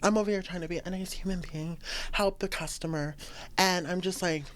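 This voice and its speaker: A woman's voice: low voice, moderate pace, a little hiss or hum. A woman hosting a podcast on her own, venting in a blunt, profane, emphatic way. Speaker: podcast host. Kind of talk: casual solo podcast venting.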